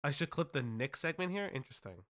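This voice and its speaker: A man's voice: mid-range voice, very animated, fast, fairly bright tone. A man commenting on a live stream, swearing and reacting with sarcastic exasperation.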